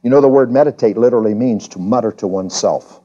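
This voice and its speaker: A man preaching an evening sermon in church, emphatic and questioning the congregation, often climbing high in pitch to stress a point. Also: fast, dark tone, dull audio. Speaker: pastor. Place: church during a service.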